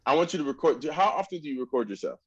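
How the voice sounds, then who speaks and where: A man's voice: on the high side, animated, very fast, slightly rough, lo-fi sound. A man coaching a student in a masterclass, singing phrases to demonstrate, exacting and encouraging. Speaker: oboe teacher.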